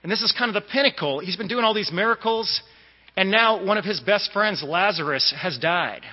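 A man's voice: high-pitched, expressive, normal speed. A man from the Boston area giving a conversational sermon, with asides and plenty of fillers. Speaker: lay preacher. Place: church sanctuary. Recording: dull echoey church recording.

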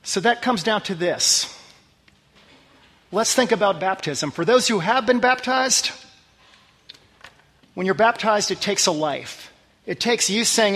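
In a large hall, a man gives a sermon as pastor in an earnest, chatty way, sinking into a soft, low register for the verses he quotes from scripture.

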